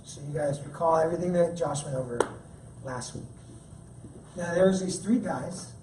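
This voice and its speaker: A man's voice: a little high, normal speed, background noise. A man giving a sermon as guest speaker at a church, talking in a casual, joking way. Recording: echoey room, mic at a distance.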